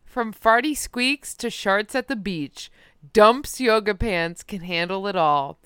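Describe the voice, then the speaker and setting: A woman's voice: mid-range voice, slow pace, fairly bright tone, smooth, no room sound, studio quality. A young woman co-hosting a comedy podcast, reading a mock sponsor ad in a casual way. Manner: reading a mock ad, breaking into laughter. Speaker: podcast co-host. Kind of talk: comedic ad read, casual chat.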